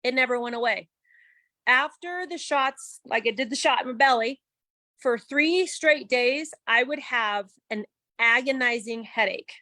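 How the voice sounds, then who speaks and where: A woman giving a candid, animated personal testimony on a video call, laughing as she goes. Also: on the high side, measured pace, no echo. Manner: chatty and animated, with laughs and quoted self-talk.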